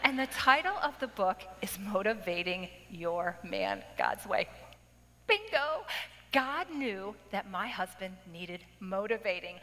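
A woman in her forties giving her testimony in a church, telling her story with big animated swings. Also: medium pitch, takes it slowly, slight background noise. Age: 40s. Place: church worship center. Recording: long hall reverb.

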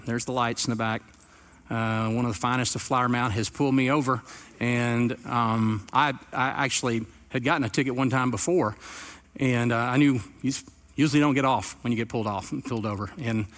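A man's voice: medium pitch, steady tone, brisk, fairly bright tone. A middle-aged man, preaching a sermon and telling a personal story before building to earnest emphasis. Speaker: pastor.

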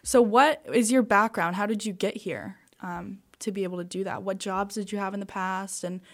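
A woman's voice: mid-range voice, steady tone. A young woman interviewing a guest, attentive and easygoing, asking about his background. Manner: attentive, quick to laugh, short reactions. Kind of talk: casual interview.

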